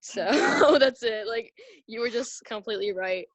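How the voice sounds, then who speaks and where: A woman's voice: a little high, measured pace, no room sound, low-quality recording. A young woman on a video call, talking hesitantly with many fillers. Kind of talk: casual chat.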